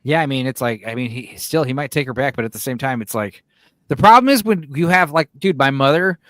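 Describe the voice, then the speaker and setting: A young man hosting a casual hangout chat, rambling and crude, with quick quoted voices thrown in. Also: mid-range voice, animated, fairly bright tone, dry recording, studio quality. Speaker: host.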